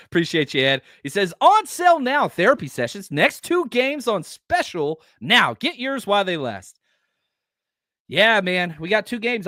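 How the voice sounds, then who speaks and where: Male fan-podcast host, blunt and animated, lively swooping delivery, dry close sound. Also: sits high, no echo. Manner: animated, blunt, reads out viewer chats. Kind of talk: live postgame fan reaction show.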